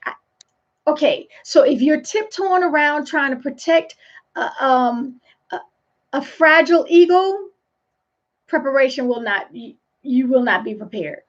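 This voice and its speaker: A woman's voice: sits high, animated, measured pace, long pauses. Woman coach preaching motivation, emphatic, repeats herself, kinda muffled lo-fi sound. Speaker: leadership coach. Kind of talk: motivational live talk. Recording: dull lo-fi sound.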